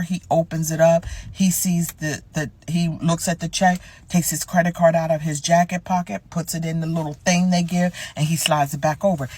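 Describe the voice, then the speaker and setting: A woman's voice: on the low side, darkish tone, no echo. A woman telling a dating story to camera in a blunt, sassy way, swearing freely.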